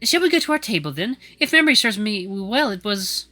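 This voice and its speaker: A man's voice: sits high, big pitch swings, brisk, pushed and bright, faint music behind, voice pushed up, exaggerated voice. A man voicing Anel, a frail sweet old she-wolf. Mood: genteel, dotty. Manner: genteel, dotty, grandmotherly. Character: frail ancient female wolf elder, sweet, scatterbrained.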